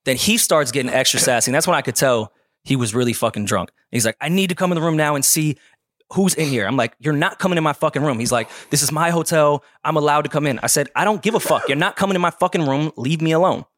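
A man telling a story in casual chat, animated and profane, acting out the people in it. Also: fairly high pitch, fast talker, no room sound, clean studio sound.

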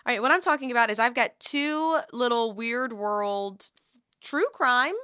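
A woman co-hosting a casual podcast, telling a true crime story in a joking, profane way with quick bursts. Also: a little high, sharp tone, clear, resonant tone. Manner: joking, swears freely, tells the story in rushed bursts. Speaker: podcast co-host.

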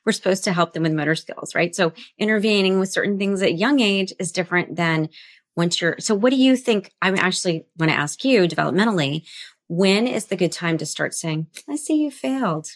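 A woman guest author in a relaxed interview, telling anecdotes in an animated, conversational way. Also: on the low side, brisk. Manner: animated, tells anecdotes with tag questions. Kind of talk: conversational storytelling.

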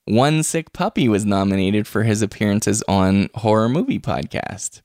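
A man's voice: fairly low pitch, expressive, moderate pace, darkish tone, dry recording, studio quality. A man hosting a podcast in casual chat, chatty and laughing often. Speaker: podcast host. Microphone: podcast microphone.

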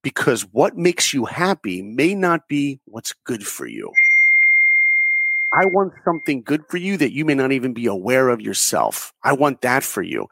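A man in his forties, an interview guest who tells animated stories and acts out the dialogue in them. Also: medium pitch, husky, no echo. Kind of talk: conversational storytelling.

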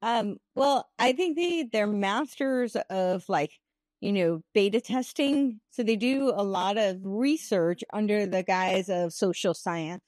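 A woman's voice: medium pitch, takes it slowly, a little mellow, no echo, studio quality. A woman guest in a casual discussion who speaks carefully and qualifies her points. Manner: careful, hedging, with small laughs. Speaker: guest commentator.

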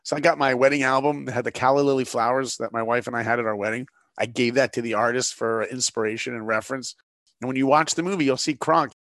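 A man telling personal stories in an interview, animated and emphatic. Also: medium pitch, fast, dry recording, studio quality. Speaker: guest storyteller. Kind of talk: storytelling interview.

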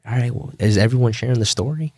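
A young man talking as a podcast guest in a casual, animated way, emotional and swearing freely. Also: mid-range voice, quick pace, no echo. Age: young adult.

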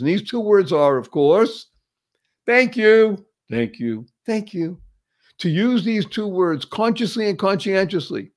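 Upbeat guy hosting an inspirational show, gushing, says things over and over, voice sits a bit high for a man. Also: darkish tone. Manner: enthusiastic, effusive, repeats phrases for emphasis. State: paralyzed for years. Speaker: show host. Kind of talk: motivational talk show hosting.

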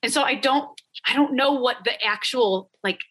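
A woman's voice: fairly high pitch, normal speed, a bit bright, slightly rough. A woman talking about her work as a productivity coach in a casual podcast interview, with lots of filler words. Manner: chatty, frequent "like" fillers.

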